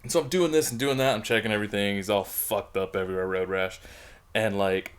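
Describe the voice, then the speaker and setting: A man in casual podcast chat, retelling a friend's crash with excitement, swearing and laughter. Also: on the low side, fast talker, smooth. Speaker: podcast co-host.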